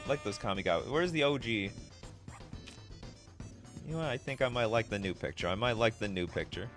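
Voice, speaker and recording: A man's voice: fairly low pitch, brisk, fairly bright tone, faint music behind. A man streaming live, reading viewer requests in casual, self-mocking chat, laughing often.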